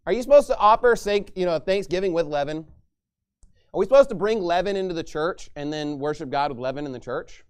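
A male pastor preaching a sermon, emphatic and forceful, with mocking asides and scripture read aloud. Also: a little high, animated, brisk, clean tone.

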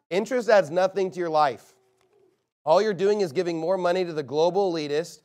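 Pastor, male, fiery emphatic sermon delivery, voice sits a bit high. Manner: forceful, emphatic preaching with rising bursts.

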